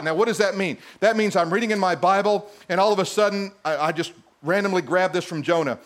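A man's voice: sits high, fairly quick, few pauses, fairly bright tone. A man preaching a sermon, emphatic and repetitive, firing rhetorical questions at his listeners.

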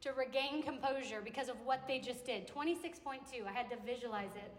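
A young adult woman preaching a sermon to a campus ministry gathering, in a conversational, animated way that acts out little quotes. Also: high-pitched, brisk. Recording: echoey hall with long reverb.

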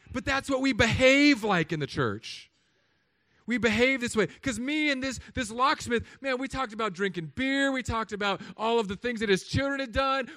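A man, a pastor, preaching a sermon in a relaxed storytelling way, acting out voices now and then. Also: high voice, no room sound, clean studio sound. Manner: conversational storytelling with put-on voices. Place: church hall.

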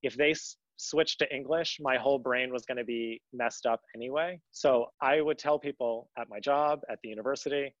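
A man's voice: mid-range voice, normal speed, hardly any pauses, dry recording. Earnest man, dull dry audio. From United States. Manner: earnest, rambling with restarts. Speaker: guest. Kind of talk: conversational interview.

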